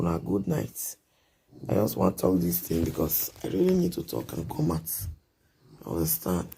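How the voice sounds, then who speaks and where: Man, very husky, dark tone, scolding repetitive vlog rant. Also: low voice. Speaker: live-video vlogger. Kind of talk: late-night monologue to viewers.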